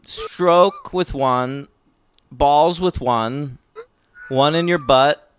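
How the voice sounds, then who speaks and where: A man's voice: on the high side, drawn-out words, smooth, dry recording. A man co-hosting a film podcast, chatting casually with crude jokes. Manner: crude, joking, lively. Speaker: podcast co-host. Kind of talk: casual film review chat.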